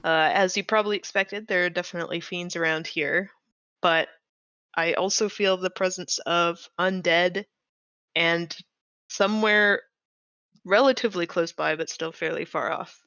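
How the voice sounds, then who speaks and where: A player voicing Uba, an anxious adventurer who speaks in a hushed, quick way, recorded on a dull lo-fi mic. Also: mid-range voice, fairly even intonation, clear, resonant tone, no echo.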